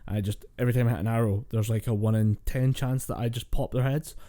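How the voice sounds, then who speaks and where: A young man co-hosting a podcast, telling stories in animated, casual chat, laughing often and acting out what he said. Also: medium pitch, fast talker. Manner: animated storyteller, laughs often, acts out quotes. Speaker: podcast co-host.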